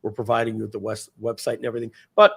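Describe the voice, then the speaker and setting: Rambling middle-aged man pitching software. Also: very fast, vocal fry, slightly rough. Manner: rambling, many fillers and restarts; animated, acts out quoted dialogue. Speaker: host presenting software. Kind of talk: casual live-stream sales talk.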